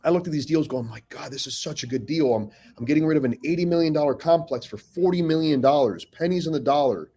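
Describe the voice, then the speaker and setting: A man talking as a podcast guest in casual, blunt, profane storytelling, animated and full of restarts. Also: on the high side, fast, few pauses, faint music behind.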